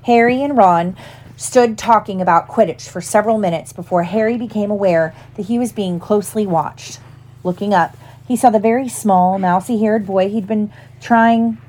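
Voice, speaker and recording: A woman narrating a storybook aloud at a steady, even pace. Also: mid-range voice. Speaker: audiobook reader.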